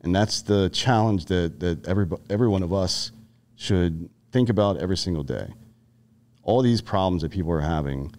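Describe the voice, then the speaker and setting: A man's voice: deep voice, normal speed, a little mellow. A man in his thirties from the Carolinas, a podcast guest and army veteran, talking bluntly and profanely in casual conversation, telling stories with frequent restarts.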